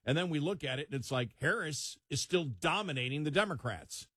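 A man's voice: on the high side, animated, fairly quick, fairly bright tone, slightly rough, no room sound, clean studio sound. A man with a Buffalo accent co-hosting a radio talk show in casual, loose on-air chat. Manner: conversational, loose, chuckling.

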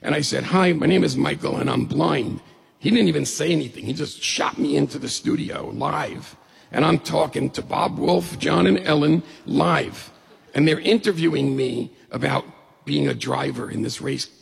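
Middle-aged guy spinning a funny story, super gravelly raspy voice, big hall echo. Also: on the high side, moderate pace. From New York State. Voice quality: gravelly and husky. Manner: lively, humorous, acts out quoted voices. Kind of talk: personal story told to an audience. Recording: long hall reverb.

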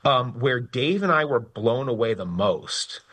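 A man, a graphic novel writer who also teaches, talking as a guest in a casual radio interview, animated and enthusiastic, with frequent restarts and fillers. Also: mid-range voice, measured pace, breathy edge.

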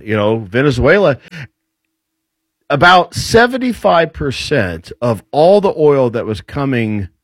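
A medium-pitched man, recorded with no room sound, appears as a guest commentator. In casual talk he explains military and economic points, building them up through rhetorical questions.

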